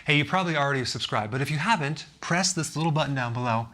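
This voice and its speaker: A man's voice: medium pitch, expressive, fast talker, sharp tone, soft background music. A man hosting a health video, chatting casually on camera with dry, understated quips.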